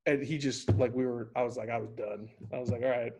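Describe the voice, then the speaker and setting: Podcast guest: man, gravelly husky voice, rambling storyteller, casual chat. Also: medium pitch, fairly even intonation, quick pace, darkish tone.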